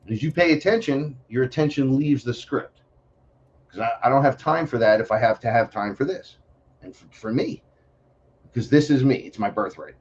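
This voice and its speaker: Excitable profane man, slightly muffled. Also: medium pitch, moderate pace, slight background noise. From New York City. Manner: animated, profane, acts out voices in his stories. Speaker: podcast guest. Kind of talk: casual interview storytelling.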